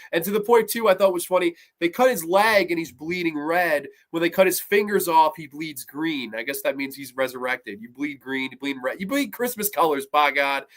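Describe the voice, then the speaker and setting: A man reviewing horror films on his own show, talking casually with heavy swearing and lively swings in his delivery. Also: on the high side. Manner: profane, animated, mocks scenes in put-on voices. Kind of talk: casual solo film review.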